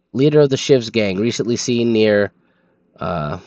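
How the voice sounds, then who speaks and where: A man's voice: lowish voice, lively intonation, slow, darkish tone, no room sound, lo-fi sound. A man streaming a game, reading its in-game documents aloud in a sleepy manner and stumbling over foreign names.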